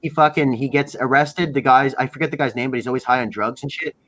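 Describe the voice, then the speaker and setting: A man's voice: mid-range voice, fast talker, a bit bright. A man from Canada hosting a livestream, chatting casually with heavy swearing and a rambling way of talking. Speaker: livestream host. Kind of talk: casual chat.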